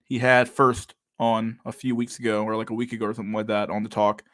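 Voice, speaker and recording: A man's voice: fairly low pitch, level tone, quick pace, fairly bright tone, dry recording. A young man hosting a casual livestream chat, talking with a lisp and a stutter and many fillers as he reads out chat messages. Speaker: livestream host reading chat.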